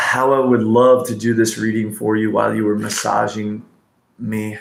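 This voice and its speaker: A man hosts a casual oracle card reading livestream, ranting and rambling with profanity and calling viewers pet names. His voice is lowish, gravelly, and monotone at a normal speed, and the room sounds echoey.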